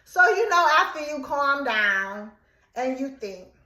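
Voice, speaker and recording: A young adult woman telling a casual story time, animated and dramatic as she acts out what was said. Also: high voice, takes it slowly, echoey room. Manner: animated, dramatic retelling with quoted outbursts.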